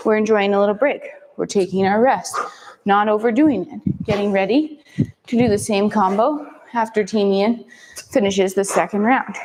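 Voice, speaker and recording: A woman's voice: mid-range voice, normal speed, a little mellow, long reverb tail, slight background noise, rough recording. A woman fitness instructor leading a follow-along kettlebell workout, cueing moves in short upbeat counts.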